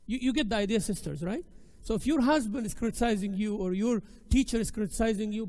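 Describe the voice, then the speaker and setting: A man's voice: high-pitched, fast, a little mellow. A male teacher lecturing a women's class, emphatic and exhorting, often repeating his key phrases. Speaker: Islamic studies teacher.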